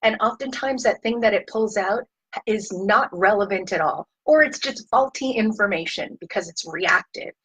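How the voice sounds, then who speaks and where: A woman family therapist giving a casual, conversational talk to parents, acting out what parents and teens say in quick asides. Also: mid-range voice, a bit bright, breathy edge, poor audio.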